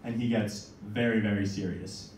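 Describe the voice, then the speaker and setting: A young man in his twenties performing a stand-up comedy set, telling self-mocking stories with quick asides. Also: lowish voice, steady tone, a little mellow. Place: small comedy venue with audience. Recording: echoey room from a far mic, noisy.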